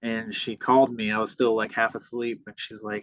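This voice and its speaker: A man's voice: on the low side, flat delivery, fairly quick, fairly bright tone. A man hosting a podcast, telling a personal story in a casual, profane way and acting out what people said. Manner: profane, re-enacts dialogue. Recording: dull lo-fi sound.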